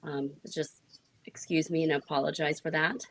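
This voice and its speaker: A young woman from Laos speaks as a podcast guest. Her voice is very low for a woman and raspy, hoarse from a lingering cold, and her manner is polite and courteous. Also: little pitch movement, moderate pace, fairly bright tone. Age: young adult. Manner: polite, apologetic. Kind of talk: casual interview talk.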